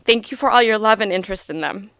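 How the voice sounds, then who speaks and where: A woman in her thirties reading a eulogy for her grandfather aloud, heartfelt and gently humorous. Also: mid-range voice, fast, clear, resonant tone, no echo.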